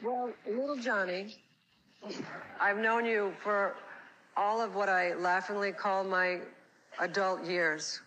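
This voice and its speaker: A woman's voice: mid-range voice, steady tone, slow, pauses often, a bit bright, slight background noise, low-quality recording. A woman giving a candid, self-deprecating tribute speech at an award show and telling a nervous story.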